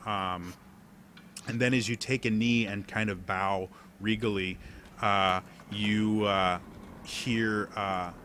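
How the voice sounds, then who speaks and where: Man, game master, lowish voice, halting narration, steady background noise. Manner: halting narration with many fillers.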